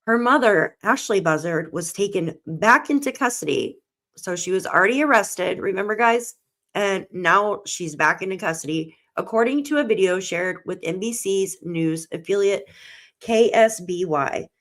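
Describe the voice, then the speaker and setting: Woman host of a true crime live stream, mid-pitched, reads news aloud, near tears. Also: expressive, normal speed, fairly bright tone. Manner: greets chat viewers by name, reads articles aloud, tearful. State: close to tears.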